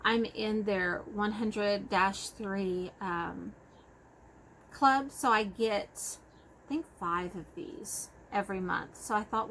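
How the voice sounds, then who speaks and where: A woman's voice: medium pitch, takes it slowly, a bit bright, slight background noise, rough recording. A woman with a Texas accent chatting casually about her cross-stitch projects, rambling and correcting herself as she goes. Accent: Texan. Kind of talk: casual show-and-tell chat.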